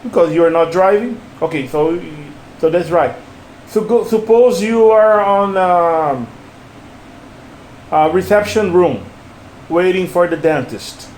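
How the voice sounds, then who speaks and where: A man's voice: high voice, slow, darkish tone. A man teaching English one-on-one, patiently repeating phrases and coaching his student on stress and intonation. The recording sounds roomy, with a faint hiss.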